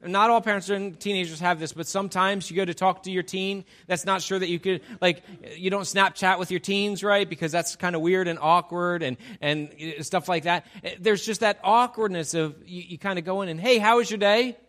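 High-voiced, conversational male preacher. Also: normal speed, hardly any pauses. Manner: conversational, animated, asks the audience rhetorical questions. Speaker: pastor. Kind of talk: sermon.

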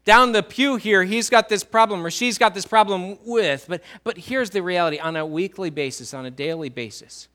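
A man preaching a sermon in a church, swinging between loud emphasis and quiet low lines and drawing answers from the congregation. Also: normal speed, few pauses. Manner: asks the congregation questions and writes on a whiteboard. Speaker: pastor.

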